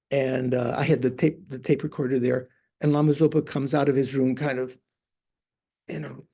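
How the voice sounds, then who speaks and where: Older male monk teacher, unhurried anecdotes, warm low-brightness tone, often gropes for words. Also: gravelly, breathy edge. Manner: hesitant, searching for words with many fillers.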